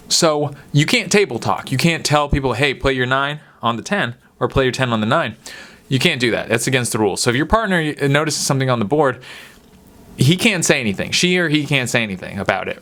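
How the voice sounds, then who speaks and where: A man's voice: mid-range voice, fairly bright tone. A young man hosting a solo podcast, rambling and candid, his voice nasal from a cold. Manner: rambling, candid, swears casually. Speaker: podcast host. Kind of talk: casual solo monologue.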